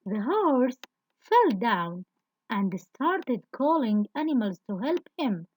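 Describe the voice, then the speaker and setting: A woman teaching young children, telling a story slowly with exaggerated, sing-song emphasis. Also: on the high side, sing-song, a little mellow. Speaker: kindergarten teacher.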